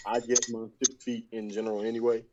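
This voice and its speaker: A man's voice: fairly low pitch, little pitch movement, fast, warm tone, slight background noise. Man, trucker, hesitant, fillers, distant muffled phone audio. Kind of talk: casual group voice chat.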